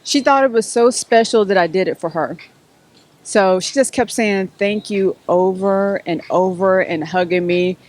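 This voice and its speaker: A woman's voice: mid-range voice, unhurried, a little mellow. A middle-aged woman, answering interview questions as an author in a storytelling way. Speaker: author and guest.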